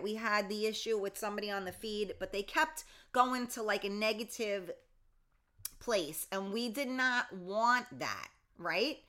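A middle-aged woman hosting a morning livestream, chatting casually and reading out viewer comments. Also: fairly high pitch. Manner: chatty, warm greetings to viewers, reads comments aloud. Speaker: livestream host.

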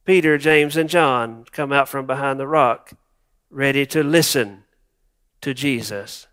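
A man's voice: medium pitch, measured pace, fairly bright tone, smooth. A male pastor preaching a sermon, reflective and wryly humorous, repeating words for emphasis.

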